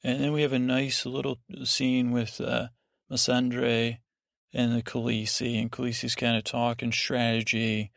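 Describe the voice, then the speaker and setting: A man's voice: mid-range voice, flat delivery, normal speed, gravelly, a bit bright, no echo, studio quality. A man hosting a sleep podcast, recapping a show in a meandering, drowsy way full of restarts and fillers. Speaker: podcast host.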